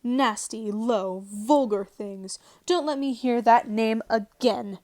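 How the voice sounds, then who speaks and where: A woman's voice: on the high side, slow, darkish tone. A woman voicing a small, touchy mouse, indignant and clipped.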